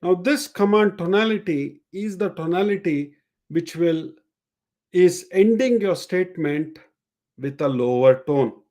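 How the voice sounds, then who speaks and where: A man's voice: high-pitched, animated, measured pace, darkish tone. A man coaching in a live-streamed lesson, explaining and demonstrating ways of speaking, often repeating his main points. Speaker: sales and communication coach. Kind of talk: live-streamed teaching session.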